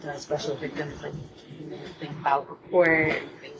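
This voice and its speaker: A young woman telling a personal story in a casual vlog, speaking softly and haltingly, often sinking to a near whisper. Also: low voice. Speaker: vlogger. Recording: steady background noise.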